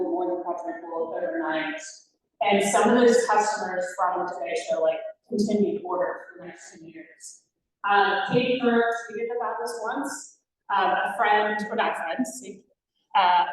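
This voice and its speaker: Distant, echoey woman giving a talk. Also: mid-range voice. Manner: rambling, many fillers and self-corrections. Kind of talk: casual presentation to an audience. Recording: very echoey room, distant mic.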